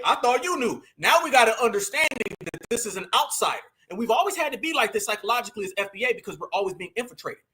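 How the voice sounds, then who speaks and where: A man with a Southern US accent hosting a livestream, talking straight to his audience in animated casual commentary. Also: sits high, slightly rough. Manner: animated, addresses audience as fam and y'all. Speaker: livestream host.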